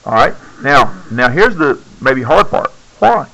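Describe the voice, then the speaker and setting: A man's voice: medium pitch, big pitch swings, measured pace, gravelly, sharp tone, rough recording. A male science teacher lecturing a classroom, keeps checking in with "okay?" and coaxing students to speak up.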